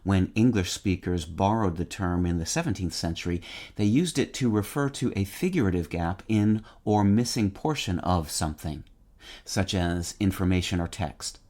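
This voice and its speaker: Deep-voiced man reading a word of the day. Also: animated, a little mellow. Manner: measured, precise, spells words letter by letter. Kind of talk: scripted dictionary podcast reading.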